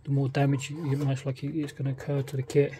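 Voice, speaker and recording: A man's voice: mid-range voice, completely flat delivery, quick pace, mellow, a little hiss or hum. A man with a British accent, casually talking through a model kit unboxing, often hesitant and thinking aloud. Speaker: scale model kit reviewer.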